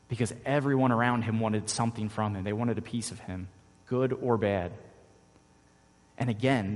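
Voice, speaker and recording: A man, a father, preaching a sermon as pastor, earnest and repeating key phrases for emphasis. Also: mid-range voice. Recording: long reverb of a large hall.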